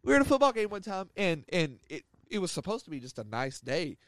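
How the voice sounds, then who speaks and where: A man's voice: high voice, quick pace. A young man hosting a podcast, telling a story in casual chat, swearing freely and acting out what people said. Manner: animated storyteller who swears freely and acts out quotes. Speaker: podcast host.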